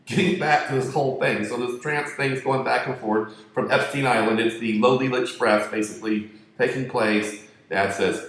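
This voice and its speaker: A man's voice: medium pitch, fairly even intonation, normal speed, fairly bright tone. Crude rambling man in an echoey room. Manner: crude, profane, joking. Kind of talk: rambling storytelling monologue.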